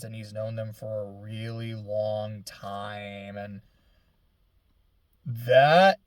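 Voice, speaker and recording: A man's voice: mid-range voice, darkish tone, dry recording. A young man casually chatting about a video game, rambling with lots of fillers and laughing through near tears. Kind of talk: casual gaming chat.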